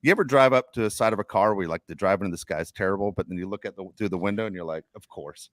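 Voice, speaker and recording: A man's voice: lowish voice, very fast, no echo. A man co-hosting a podcast in casual chat, ranting and swearing often. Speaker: podcast co-host.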